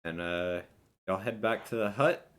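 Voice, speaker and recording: Very deep-voiced man running a tabletop game. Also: a bit bright, smooth. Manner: casual, halting narration with many fillers. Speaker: game master.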